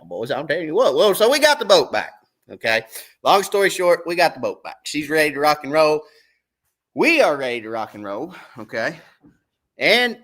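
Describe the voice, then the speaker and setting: Running a relaxed fishing livestream, a middle-aged man talks in a voice on the high side with a fairly bright tone. He chats in a rambling, folksy style, calling out viewers by name.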